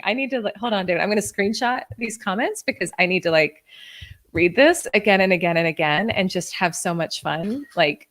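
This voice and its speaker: A woman in her thirties hosts a live stream and talks straight to her viewers. She gushes over their comments with a lot of "like" and keeps celebrating them. Her pitch sits in a middle range for a woman. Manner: gushing, effusive, lots of "like". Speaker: host and coach. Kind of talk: live-stream coaching talk.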